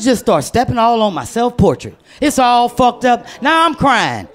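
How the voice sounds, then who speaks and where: A woman doing stand-up, telling a profane family story with animated, laughing delivery. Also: on the high side, moderate pace, few pauses, slight background noise. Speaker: stand-up comedian.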